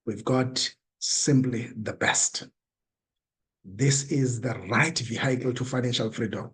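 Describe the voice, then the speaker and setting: A man with a South African English accent hosting a sales meeting, speaking slowly and emphatically with playful asides. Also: medium pitch, fairly bright tone. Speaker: meeting host. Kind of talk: motivational sales talk.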